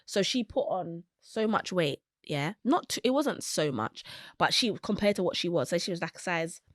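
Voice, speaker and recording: Young woman, animated guest storyteller, dry booth sound. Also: fairly low pitch, moderate pace, dry recording. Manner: animated storytelling, acting out quotes. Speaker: podcast guest. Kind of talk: casual podcast conversation.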